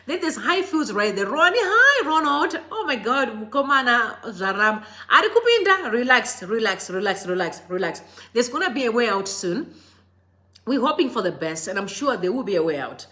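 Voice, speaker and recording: A woman's voice: medium pitch, a bit bright. A young woman from Zimbabwe hosting a live stream, greeting viewers by name and encouraging them with prayer. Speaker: livestream host.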